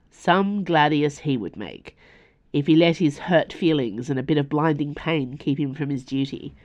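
An Australian woman reading her own serialized fiction aloud in a measured, expressive narration. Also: low-pitched. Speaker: author and podcast reader. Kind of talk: scripted narration.

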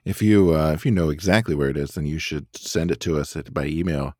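A man co-hosting a podcast, sharing trivia in relaxed chat with frequent pauses. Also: very deep voice, no echo, clean studio sound. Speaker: podcast co-host. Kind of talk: casual chat.

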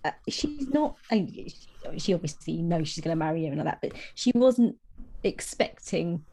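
A woman co-hosting a book podcast, speaking hesitantly with fond, halting remarks. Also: on the low side, sing-song, mellow, slight background noise. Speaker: podcast co-host. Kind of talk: casual book-club chat.

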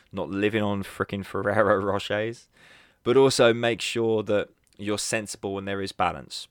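Casual, lively male podcast host. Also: on the low side, dry recording, clean studio sound. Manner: casual and animated, laughs at his own slips. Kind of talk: solo podcast monologue.

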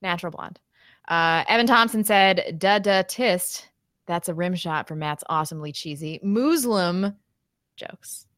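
A woman's voice: fairly low pitch, moderate pace, fairly bright tone, no room sound, clean studio sound. A woman co-hosting a podcast in casual chat, reading viewer messages aloud with sarcastic humor and frequent laughter. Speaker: podcast co-host.

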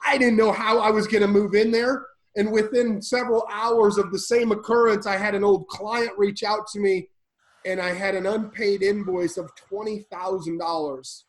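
A man with a fairly high voice recounts his life on a podcast with fervent, preacher-like intensity. He surges loud and then sinks to a near hush. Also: steady tone, normal speed, low-quality recording. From Illinois. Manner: intense, preacher-like, swings between loud and hushed. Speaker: podcast guest. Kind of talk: emotional personal storytelling.

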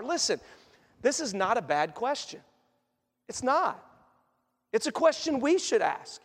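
A man preaching a sermon as pastor, animated and acting out quoted voices as he teaches. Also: very high-pitched, a little slow, long pauses. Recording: echoey hall reverb.

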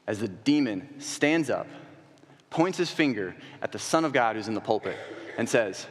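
A man's voice: fairly low pitch, lively intonation, moderate pace. A man preaching a sermon to a church congregation, asking rhetorical questions and building to emphatic peaks. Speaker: young adult coordinator preaching. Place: church sanctuary. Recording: long hall reverb.

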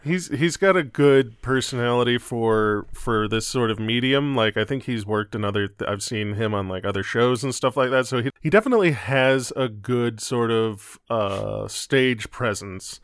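Smooth-voiced man chatting easily. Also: mid-range voice, moderate pace, hardly any pauses, fairly bright tone, no room sound, clean studio sound. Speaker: podcast co-host. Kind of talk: casual chat.

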